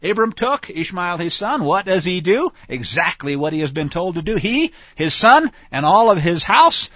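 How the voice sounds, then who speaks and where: A man talks through Scripture in a folksy, conversational way and often turns aside to his listeners. His voice sits high and swings widely in pitch, with a bright edge. The recording is dry and somewhat dull and lo-fi. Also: very animated, normal speed, no room sound. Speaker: Bible teacher. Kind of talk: conversational Bible teaching.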